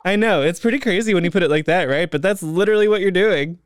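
A man's voice: high-pitched, fast, smooth, no room sound, studio quality. A young man in his twenties hosting a podcast, upbeat and playful in casual chat. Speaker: podcast host.

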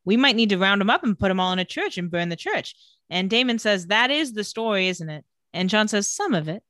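A young woman chats casually as a podcast co-host, slipping into quick impressions of characters as she recaps. Her voice sits in an ordinary middle register, recorded close and dry with no room sound. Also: medium pitch, big pitch swings, a bit bright, no room sound. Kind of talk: casual chat.

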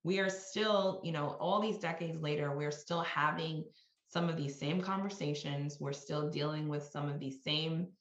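A woman's voice: low-pitched, normal speed. A middle-aged woman from New York, a guest executive, talking reflectively in a conversational interview and often adding "you know" and "right?". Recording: roomy, slightly dull sound.

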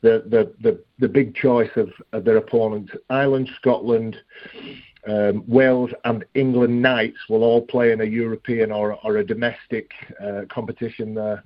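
A man's voice: on the low side, level tone, normal speed. A man who is a rugby league guest, talking earnestly in a phone-in interview, often restarting and repeating words. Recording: dull dry phone line.

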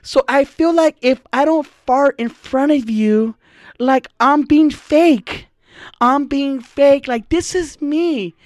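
A woman's voice: high-pitched, slow, dry recording, voice pushed up. A man putting on a dreamy cosmic-vibes woman. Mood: dreamy, earnest. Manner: dreamy earnest drawl. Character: dreamy young woman obsessed with cosmic energy.

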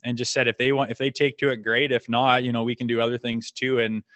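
A man's voice: medium pitch, flat delivery, quick pace, a bit bright, no room sound. A laid-back middle-aged man from Canada telling stories in a casual, rambling way, laughing often and cursing freely. His voice sits in an ordinary middle register. The recording is close and dry, with no room sound. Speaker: podcast guest, former hockey player. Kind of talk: casual storytelling.

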